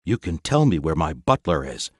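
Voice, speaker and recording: A man's voice: very deep voice, sing-song, moderate pace, husky, no echo, full character voice. Brief: menacing captain on the phone, clipped and stiff, voiced by a male narrator, dry close audiobook read. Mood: threatening. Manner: stiff, snarling.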